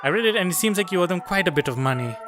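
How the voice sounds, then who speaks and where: A man's voice: high-pitched, lively intonation, rapid-fire. Man doing wary woman detective, blunt, questioning, faint music under. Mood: probing.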